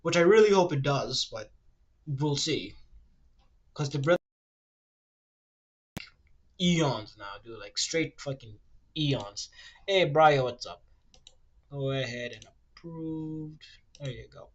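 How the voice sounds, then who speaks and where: A man streaming casually while he draws, rambling and ranting, swearing freely and reading web answers aloud in a quick mumble. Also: animated, lo-fi sound, a little hiss or hum. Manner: rambling, ranty, swears freely, fillers like "low-key" and "like"; reads web search results aloud in a rushed mumble. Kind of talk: casual livestream chat while drawing.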